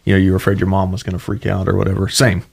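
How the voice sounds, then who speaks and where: A man's voice: low-pitched, completely flat delivery, very fast, creaky, darkish tone, husky. A young man from Ohio, a Marine guest telling his story casually, full of "you know" and "right.". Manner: chatty, many fillers like "you know, right".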